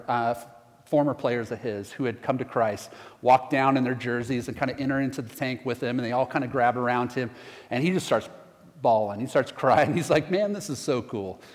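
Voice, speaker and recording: A middle-aged man preaches in a relaxed, conversational way, telling stories before dropping into quiet prayer. His voice sits at an ordinary male pitch. The sound carries a long reverb from a church sanctuary. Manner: storytelling, conversational, drops to soft prayer. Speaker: pastor. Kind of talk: sermon.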